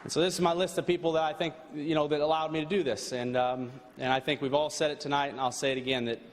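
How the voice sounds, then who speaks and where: A man's voice: a little high, little pitch movement, a faint crowd. Race driver guy thanking everyone at a banquet, earnest, stumbles a lot, big echoey hall. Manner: earnest, halting, with frequent restarts and fillers. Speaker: race car driver giving an awards speech. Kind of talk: heartfelt thank-you speech. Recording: long hall reverb, faint background noise.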